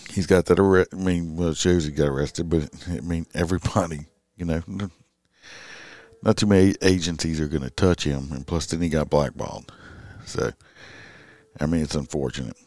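A man's voice: a bass voice, normal speed, darkish tone, no echo. A middle-aged man, a police officer talking in a casual, rambling late-night monologue full of fillers and restarts.

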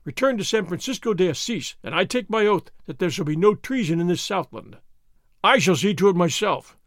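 A man voicing a proud, commanding elderly nobleman who speaks forcefully. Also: sits high, lively intonation, fairly quick, dry recording, studio quality. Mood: stern.

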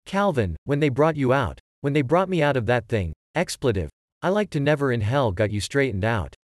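A man voicing a gruff older man who is shaken but tries to calm a younger one. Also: mid-range voice, brisk, no echo, clean studio sound, lightly acted. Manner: gruff, consoling, insistent.

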